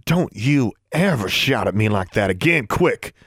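A hot-tempered teenage cadet who bullies and barks his orders, as a man reading the story puts him on. The voice is harsh and clipped, close to a low male reader's own, with a dry, close sound. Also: expressive, unhurried, a bit bright, slightly rough, no echo, full character voice. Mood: furious. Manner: barking and harsh.

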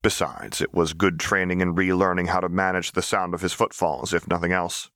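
A man calmly reading an audiobook as narrator, in an even, storytelling manner. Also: low-pitched, brisk, dry recording, clean studio sound. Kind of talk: scripted narration.

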